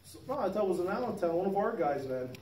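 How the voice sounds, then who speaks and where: A man's voice: sits high, big pitch swings, fast, darkish tone, a little hiss or hum. A man in his fifties telling a rambling, profane work story in casual chat, laughing as he goes. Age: 50s. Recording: roomy sound from a distant mic.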